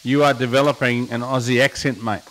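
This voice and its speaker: A man's voice: mid-range voice, level tone, brisk, fairly bright tone, slight background noise. Man, co-host, breezy and teasing, relays viewer questions, faint sizzle behind. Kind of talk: live stream banter.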